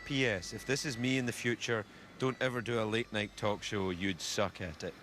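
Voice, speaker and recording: A man's voice: fairly low pitch, steady tone, a bit bright, faint music behind. A man with a Scottish accent hosting a late-night talk show, bantering playfully and teasing his guest. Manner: teasing, playful, quick jokes. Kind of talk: comic banter. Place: theatre stage before a live audience. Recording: audience noise and crowd around.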